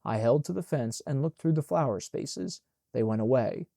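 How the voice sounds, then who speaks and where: Dark-toned male audiobook narrator. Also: mid-range voice, expressive, normal speed, vocal fry, no room sound, clean studio sound.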